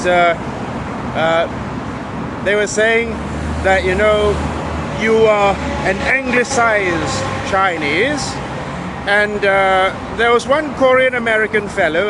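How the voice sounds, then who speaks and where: A man's voice: high voice, noisy background. A man from Malaysia with a British accent, giving a frank, opinionated monologue with sardonic asides. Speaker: commentator. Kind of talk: casual monologue.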